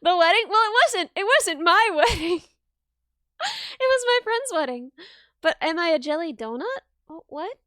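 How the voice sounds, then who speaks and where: A woman with a very high, sharply bright voice chats on a livestream, giggling and bubbly, poking fun at herself. The sound is close and dry, with no room around it. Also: sing-song, a little slow, dry recording. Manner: giggly, bubbly, self-deprecating. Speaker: streamer. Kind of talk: casual livestream chat.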